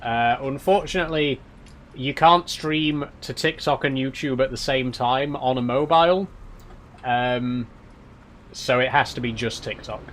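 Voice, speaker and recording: A man's voice: mid-range voice, measured pace, fairly bright tone, slight background noise. A young man with a South Yorkshire accent chatting on a game live stream, reading chat aloud, laughing often and swearing casually. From South Yorkshire, England.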